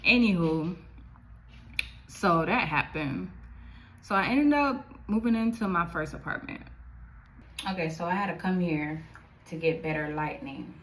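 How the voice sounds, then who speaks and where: A young woman telling a personal story to camera in a chatty, animated way, full of fillers. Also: on the low side, a little slow, long pauses, a little hiss or hum, low-quality recording. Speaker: vlogger. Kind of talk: casual storytime.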